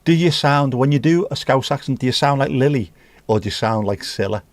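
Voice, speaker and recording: A man hosts a casual livestream from a room at home, cheekily chatting with viewers and reading their messages aloud. His voice sits at a medium pitch and is expressive and fairly quick, with no echo.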